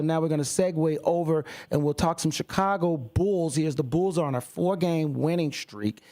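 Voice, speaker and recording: A man's voice: a little high, darkish tone. A man hosting a sports talk radio show, ranting with passion and exasperation from a radio studio.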